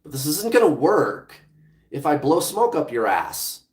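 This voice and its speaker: A man's voice: a little high, sing-song, measured pace, reverberant. A man hosting a livestream as a relationship coach, speaking bluntly and casually, with some swearing, straight to his viewers.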